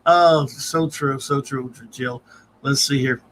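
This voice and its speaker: A man's voice: mid-range voice, steady tone, slow, a bit bright, slight background noise. A man hosting a casual live-stream review, reading out viewer comments and grades and chuckling often. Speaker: podcast host.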